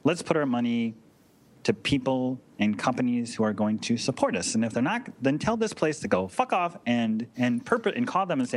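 A man's voice: medium pitch, animated, normal speed. A man co-hosting a casual comedy podcast, giggly and teasing, with faint noise behind him.

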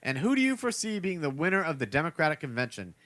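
A man's voice: on the high side, sing-song, fast talker, fairly bright tone. A man co-hosting a comedy podcast, brash and swearing freely in casual banter. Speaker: co-host.

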